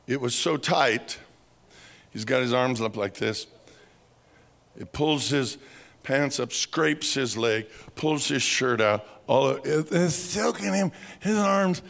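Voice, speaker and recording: A man preaching by telling a dramatic story, slow and vivid, acting out sounds and voices. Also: mid-range voice, gravelly, a bit bright. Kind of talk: storytelling sermon.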